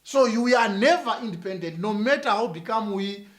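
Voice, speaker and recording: A church minister with a Zimbabwean accent answers interview questions emphatically, like a sermon, repeating phrases with rising force. His voice sits high and is expressive, at a moderate pace, in an echoey room.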